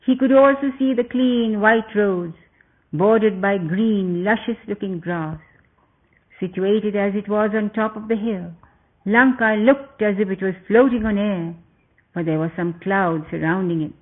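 A man narrating a story in a steady, descriptive reading with occasional slips, over a tinny phone-like recording. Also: high-pitched.

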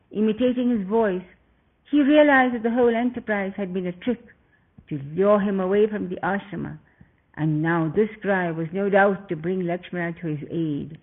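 A man narrating an epic tale in a measured, earnest way. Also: high-pitched. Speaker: storyteller. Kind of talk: scripted narration. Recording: tinny phone-like sound.

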